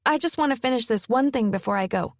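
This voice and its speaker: A woman's voice: fairly high pitch, animated, fast, dry recording, clean studio sound, pitched above the performer's own voice. A woman voicing a stressed, sarcastic young woman student in an audiobook. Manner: sarcastic, clipped.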